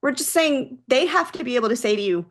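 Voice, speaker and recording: A woman's voice: high voice, animated, fast. A woman guest on a podcast, a mental health practice founder, explaining things earnestly in a casual interview.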